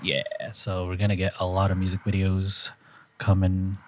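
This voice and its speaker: A man's voice: sits low, completely flat delivery, moderate pace, slight background noise. A young man hosting a podcast in casual chat, laid-back and rambling with fillers. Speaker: podcast host.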